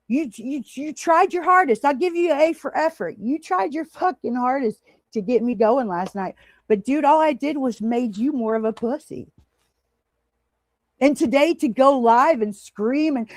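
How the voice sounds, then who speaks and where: A woman's voice: sits high, animated, moderate pace, no room sound. A woman hosting a livestream, angrily ranting at a critic with heavy swearing and greeting chatters now and then. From United States. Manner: angry, profane, confrontational, addresses viewers in chat. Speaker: livestream host. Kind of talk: heated livestream rant.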